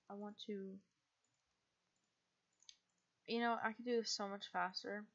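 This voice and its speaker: A teenage girl streaming a game late at night, chatting casually in a tired, rambling, self-deprecating way. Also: medium pitch. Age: teens. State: sleepy, yawning. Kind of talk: casual gaming stream chat. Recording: slightly muffled stream mic.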